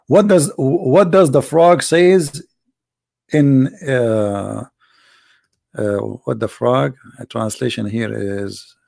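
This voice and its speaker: A man with an Arabic accent hosting a live stream, reading and translating a text aloud in halting English with many restarts. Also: medium pitch, creaky, dark tone. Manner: halting, restarts and searches for words.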